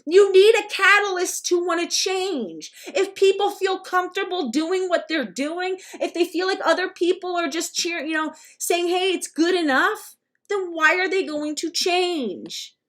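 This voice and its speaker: Speaking at a moderate pace with barely a pause, a high-voiced woman rants her way through reaction commentary as a vlogger. She's blunt and emphatic, curses without restraint, and occasionally mocks others by quoting them in a put-on voice.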